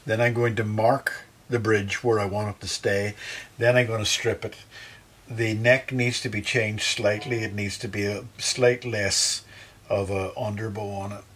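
A man's voice: fairly low pitch, little pitch movement, measured pace, fairly bright tone, slightly rough, rough recording. A middle-aged man working as a luthier, chatting through each step of a guitar setup in his workshop. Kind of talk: workshop demonstration to camera.

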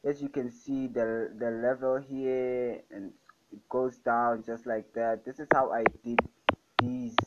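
A young man talks casually through a screen-recorded music production tutorial, enthusiastic and repeating "fire, guys." His mid-range voice is level and slow, the audio lo-fi and swamped by loud background music.

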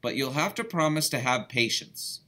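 A man voicing a kind, patient father in a children's story read aloud, explaining things calmly. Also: medium pitch, normal speed, pitched above the performer's own voice. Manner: calm, explaining.

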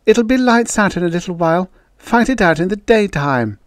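A man's voice: high-pitched, big pitch swings, normal speed, darkish tone, no room sound, clean studio sound, voice pushed up. Man doing a wistful brunette pageant girl. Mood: earnest. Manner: wistful, earnest. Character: hefty, good-natured young brunette contestant.

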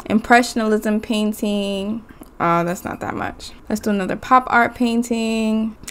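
A woman's voice: on the high side, fairly even intonation, measured pace, clear, resonant tone. A young woman giving casual, chatty commentary while playing a life-sim game and talking to her characters and viewers. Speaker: gaming YouTuber.

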